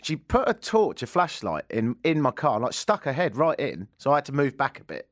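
A man's voice: medium pitch, wildly swooping pitch, moderate pace, no echo, studio quality. A man with an English accent, hosting a radio show with joking, self-mocking banter. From England. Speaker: radio host. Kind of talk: casual radio chat. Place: radio studio. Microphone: studio microphone.

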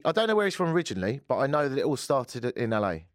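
A man's voice: mid-range voice, very animated, rapid-fire, no echo, clean studio sound. A man hosting a podcast, chatting casually and joking, now and then putting on silly voices. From Britain. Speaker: podcast host. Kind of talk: casual chat.

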